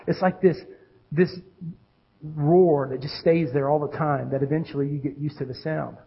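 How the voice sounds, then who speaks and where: A man preaching a sermon in a high, husky voice. He swings between ringing calls and quiet, hushed lines, and the audio sounds dull and muffled. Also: steady tone, moderate pace. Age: adult with children. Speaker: pastor.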